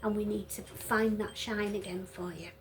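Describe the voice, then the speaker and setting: A woman gives a tarot reading in an earnest, gentle voice that sits at an ordinary middle pitch. She pauses often, fills gaps with soft hesitations and sounds close to tears. A steady hiss of background noise runs under the recording. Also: rough recording. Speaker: tarot reader. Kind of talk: reassuring tarot reading to viewers.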